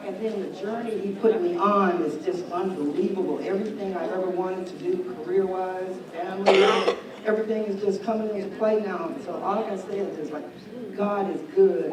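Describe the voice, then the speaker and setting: A woman sharing a candid personal story with an audience, lively and open. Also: medium pitch. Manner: lively, candid, with quoted asides. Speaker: attendee sharing her story. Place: large event hall. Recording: echoey hall from far off, crowd behind.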